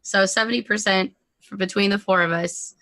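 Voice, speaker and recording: A chatty woman playing a tabletop game, often breaking into giggles. Her voice is bright and crisp. The sound is close and dry. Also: mid-range voice, fairly even intonation, moderate pace, dry recording. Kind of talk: casual tabletop game chat. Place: streaming studio.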